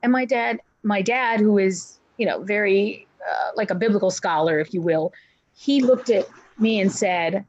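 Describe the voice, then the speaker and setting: As a guest in an interview, a woman with a mid-range voice recounts a personal story at a normal pace. Her tone is earnest, and she acts out what family members said. The recording is muffled.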